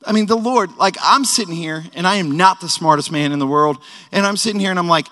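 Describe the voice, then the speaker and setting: A man in his thirties delivers a sermon at a worship service, keeping it casual and joking with frequent conversational asides. His voice sits high, quick-paced, pushed and bright, and the worship hall adds echoey reverb.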